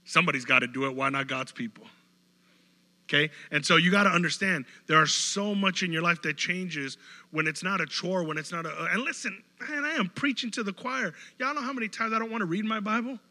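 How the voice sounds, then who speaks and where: A man preaching a casual, joking sermon, acting out quick bits of dialogue. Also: sits high, in a large hall. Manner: animated, jokey, acts out quick voices. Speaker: pastor.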